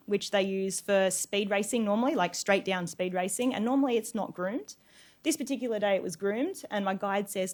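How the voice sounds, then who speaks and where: A young woman speaks into a microphone in a lecture room, chatty and lively. She tells her stories with frequent fillers and quick laughs, pitched in a middle range. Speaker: guest speaker. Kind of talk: informal talk with slides.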